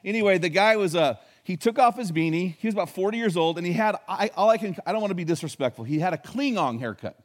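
A pastor preaching a sermon in a conversational, folksy storytelling way, hitting key words with emphasis. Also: male voice, high-pitched, lively intonation, quick pace, hardly any pauses.

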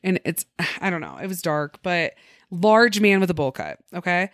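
A young woman co-hosting a podcast, telling stories in an animated way with laughter and acted-out voices. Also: fairly low pitch, moderate pace, no echo, studio quality. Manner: animated, laughing, acts out quoted people. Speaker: podcast co-host. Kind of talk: casual storytelling chat.

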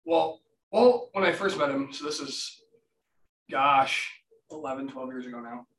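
A man's voice: medium pitch, wildly swooping pitch, unhurried, gravelly, a bit bright. Rambling man in his thirties, roomy sound. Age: 30s. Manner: rambling storyteller, swears freely, quotes others. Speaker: podcast co-host. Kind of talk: casual chat. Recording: roomy, distant from the mic.

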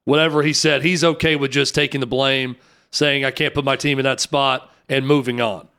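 A man's voice: medium pitch, little pitch movement, normal speed, bright, forceful tone, clean tone. A man hosting a sports talk show, putting long and winding questions to his guest. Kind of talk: sports talk radio interview.

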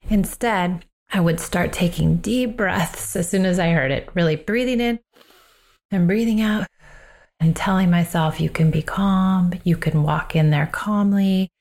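On her own podcast, a woman with a fairly low voice offers advice on parenting. She is a parenting coach and host whose delivery is calm, earnest and reflective, slowing down on the phrases she wants to land.

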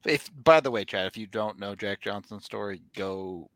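A man's voice: lowish voice, moderate pace, a bit bright, dry recording. A man hosting a sports podcast in casual chat, laid-back and wry, steering the conversation. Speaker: podcast host.

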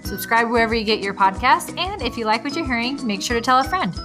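A woman co-hosting a family podcast, talking casually and easily. She laughs often as she chats, her pitch sitting in a middle range, with faint music behind her. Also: expressive, quick pace. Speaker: podcast co-host. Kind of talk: casual chat.

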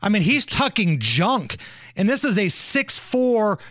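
A man's voice: high voice, very animated, measured pace, fairly bright tone, no echo, studio quality. A man hosting a podcast, talking in a blunt, crude and mocking way. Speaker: podcast host. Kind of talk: casual opinion talk.

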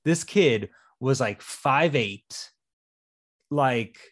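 A man's voice: medium pitch, animated, extremely slow. A man co-hosting a podcast, talking casually about a film, telling stories and swearing with a rambling flow. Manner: rambling, swears, tells anecdotes. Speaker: podcast co-host. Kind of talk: casual movie discussion.

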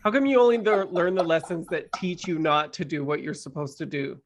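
A man's voice: fairly high pitch, a little fast. A man co-hosting a podcast, in casual chat with teasing, sassy banter. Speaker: podcast co-host.

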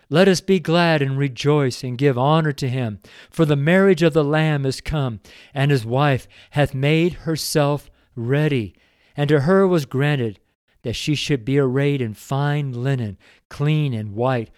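A man's voice: fairly high pitch, darkish tone, no echo, studio quality. Earnest, emotional middle-aged man reading scripture. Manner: reads scripture aloud with rising fervor. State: choked up at times. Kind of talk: Bible reading with devotional commentary.

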